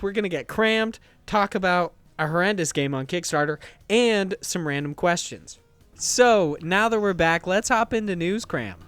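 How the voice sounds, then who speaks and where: A man's voice: high voice, fairly bright tone, clear, resonant tone, no room sound. A man hosting a games podcast, chatting casually and enthusiastically, rambling with restarts. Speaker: podcast host.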